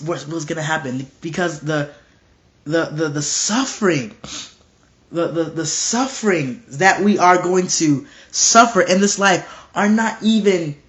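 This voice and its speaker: A man preaching casually and earnestly, often stumbling and repeating words as he talks, now and then acting out bold dialogue. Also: fairly high pitch. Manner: animated, acts out bold dialogue. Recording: dull lo-fi recording.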